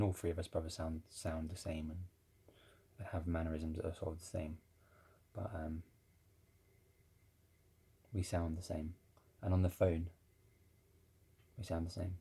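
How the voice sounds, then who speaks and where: A man's voice: low voice, vocal fry, warm tone, breathy edge. A man telling a rambling, casual story about his family, swearing now and then. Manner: rambling, with many restarts and swearing. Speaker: ex-Jehovah's Witness vlogger.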